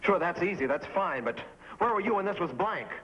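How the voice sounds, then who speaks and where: An actor playing an anxious, irritable male cartoonist who complains about his health and flares into shouting in a 1950s TV drama. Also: high-pitched, animated. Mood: resentful. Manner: complaining, quick to anger, shouting at times. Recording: dull old TV soundtrack with faint hiss.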